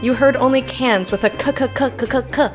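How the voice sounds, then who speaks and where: Giggly high-voiced woman streamer. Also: a little fast, soft background music. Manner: giggly, laughs hard and often; chatty, reads and answers chat. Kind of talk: casual live-stream chat.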